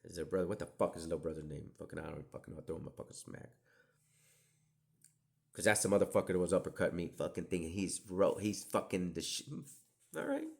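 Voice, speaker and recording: Animated, profane middle-aged man rambling. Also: sits low, quick pace, gravelly. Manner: profane, digressive, laughs and drops to whispered asides. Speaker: podcast host. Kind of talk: rambling storytelling monologue.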